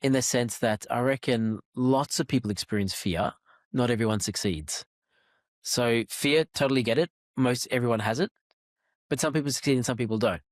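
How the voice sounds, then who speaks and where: A man hosting a podcast, probing and challenging his guest, pressing for clear answers. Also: mid-range voice, normal speed, no room sound, studio quality. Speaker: podcast host. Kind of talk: casual interview conversation.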